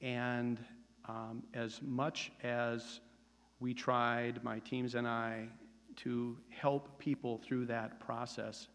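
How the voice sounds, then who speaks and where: A man in his sixties sharing his personal testimony with a church congregation, earnest and steady, with occasional hesitations. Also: mid-range voice, very slow. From United States. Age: 60s. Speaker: church member giving testimony. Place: church sanctuary. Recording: reverberant church sanctuary.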